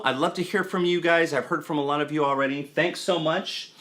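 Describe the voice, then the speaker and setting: A man's voice: on the high side, steady tone, a little fast, a bit bright. A man giving a casual guitar lesson, counting beats aloud as he explains rhythm and accents. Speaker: guitar teacher. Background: guitar playing.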